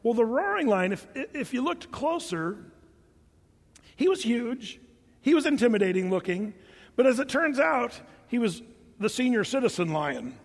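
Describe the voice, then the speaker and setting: A man's voice: very high voice, very animated, normal speed, gravelly, in a large hall. An older man preaching a sermon, telling stories with humor and sound effects. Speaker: pastor.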